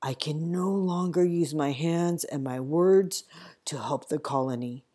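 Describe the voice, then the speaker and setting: A woman reading the part of a wounded, feverish army captain who speaks slowly and gravely. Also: deep voice, dark tone. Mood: weary, grave. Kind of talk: audiobook character reading.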